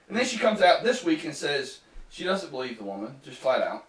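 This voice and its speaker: A man's voice: on the high side, very animated, brisk, distant mic. A man hosting a casual political talk podcast, sarcastic and mocking as he reads quotes aloud. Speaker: podcast host. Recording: echoey room, voice off-mic.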